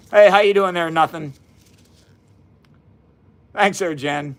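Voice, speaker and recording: A cheerful man in his fifties, voice sitting a little high for a man, chats casually with his live audience from his basement. He thanks viewers one by one in a friendly, folksy way, tossing out quick asides. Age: 50s. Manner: upbeat and folksy, greeting viewers by name. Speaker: science livestream host. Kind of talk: casual live-stream chat. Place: home basement.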